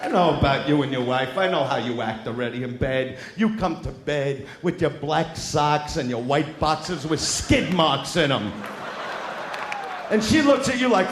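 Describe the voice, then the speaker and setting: Loud male stand-up comic, crude crowd work, live show with a noisy, echoing audience. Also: on the high side, moderate pace. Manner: loud, brash, taunts the audience, often shouting. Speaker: stand-up comedian. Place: large live venue with an audience.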